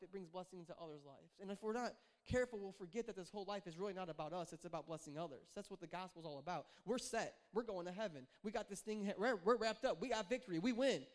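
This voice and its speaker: A young adult man, a pastor, preaching a conversational sermon, joking and telling animated stories. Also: high voice.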